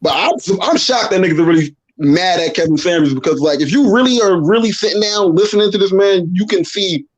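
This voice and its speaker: Fast-talking high-voiced male caller. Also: muffled recording. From New Jersey. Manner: quick, slangy, stumbling. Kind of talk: casual call-in chat.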